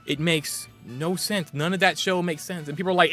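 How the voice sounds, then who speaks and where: Young streamer guy ranting w sarcasm, kinda high bright voice. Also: fairly even intonation, brisk, hardly any pauses, faint music behind. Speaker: gaming streamer. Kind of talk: casual ranting live stream.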